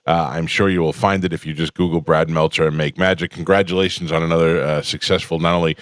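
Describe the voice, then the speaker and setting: A man with a very low, deep voice hosts a casual radio talk show from a dry studio. He rambles through anecdotes and reacts quickly to his guest. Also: steady tone, no room sound.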